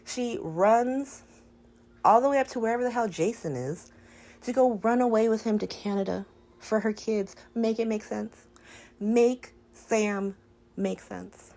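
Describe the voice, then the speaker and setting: A woman's voice: a little high, a little slow, gravelly, mellow, rough recording. A woman hosting a casual soap opera recap from home, talking in a sassy, exasperated way full of rhetorical questions.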